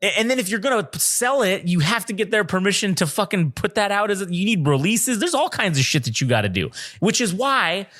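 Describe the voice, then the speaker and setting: A man co-hosting a podcast, telling a story in an animated, profane way and laughing often. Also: high voice, brisk, few pauses. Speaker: podcast co-host. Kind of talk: casual storytelling chat.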